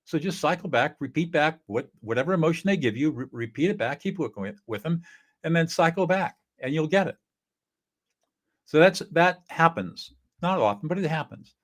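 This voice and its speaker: A man's voice: a little high, expressive, normal speed, a bit bright. A middle-aged man teaches in an earnest, coaching way and acts out short example dialogues. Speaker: conflict-resolution teacher. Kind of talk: instructional talk.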